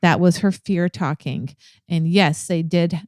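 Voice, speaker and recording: Low, mellow woman discussing scripture. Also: fairly even intonation, a little slow, dry recording, studio quality. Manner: thoughtful, searching for words with frequent ums. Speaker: co-host of a ministry podcast. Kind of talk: casual Bible study discussion.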